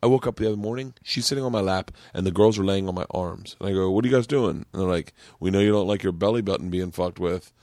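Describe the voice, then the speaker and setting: A middle-aged man from Florida hosting a podcast, telling crude, animated stories and acting out what people said. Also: deep voice, fast talker, few pauses, dry recording, studio quality. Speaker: podcast host. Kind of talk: casual comedy chat.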